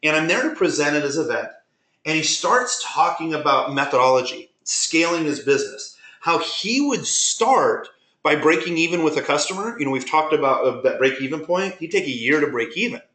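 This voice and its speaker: A man presenting a webinar, telling business stories in an animated way and acting out conversations he had. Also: fairly high pitch, normal speed. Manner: animated, retells conversations with quoted dialogue. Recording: roomy echo.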